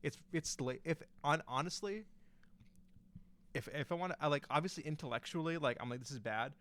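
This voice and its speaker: A man's voice: on the high side, fairly quick, a bit bright. Rambling young man telling a story. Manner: rambling, many restarts and fillers. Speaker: podcast guest storyteller. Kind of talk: casual chat.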